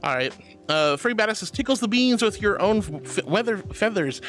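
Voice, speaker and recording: A man's voice: sits high, expressive, brisk, a bit bright, faint music behind. A young man streaming, reading chat messages aloud in an affectionate, theatrical way, calling viewers honey and sweetie.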